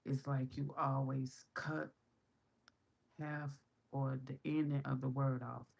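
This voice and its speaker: A woman's voice: rumbling low, little pitch movement, slow, vocal fry, a little mellow. A woman from Chicago with a Chicago accent, hosting a casual livestream and reading comments, blunt, profane and joking. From Chicago, USA. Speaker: livestream host.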